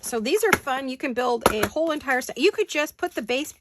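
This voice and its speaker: Working on a paper craft, a middle-aged woman chats casually and rambles, every so often dissolving into giggles. Her voice is high-pitched, somewhat bright and brisk with lively intonation, and a slight hiss or hum sits under the audio.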